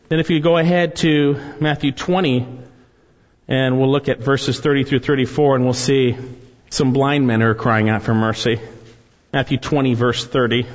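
A man's voice: medium pitch, normal speed. A man preaching a sermon as a pastor, reading scripture aloud with rising emphasis. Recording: dull sound with long hall reverb.

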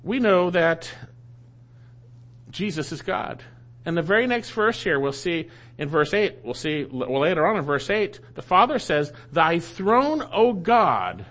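A man's voice: a little high, expressive, normal speed, a bit bright. A man preaching a sermon that teaches through a Bible passage, emphatic and repeating key phrases for stress.

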